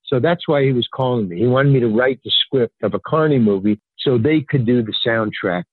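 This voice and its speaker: An older man telling a rambling story as a podcast guest, acting out the people in it with lively jumps in his voice. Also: brisk, dry recording. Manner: animated, acts out quoted dialogue with pitch jumps; rambling, filler-heavy, restarts sentences. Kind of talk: casual anecdotal storytelling. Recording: tinny phone-line sound, dry.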